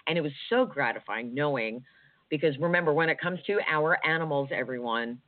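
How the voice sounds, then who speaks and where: A woman's voice: deep voice, brisk, no room sound. A woman co-hosting a talk radio show, chatting in a rambling way with many fillers. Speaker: radio co-host. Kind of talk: casual talk radio chat. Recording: tinny phone-like dry sound.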